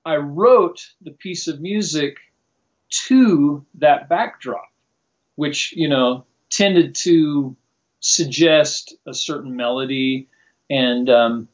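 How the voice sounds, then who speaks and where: A man talks about his music in a relaxed, chatty way and laughs easily. His voice sits a little high. The recording is dull and lo-fi. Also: slow. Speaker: composer. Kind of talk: casual interview talk. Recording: dull lo-fi sound.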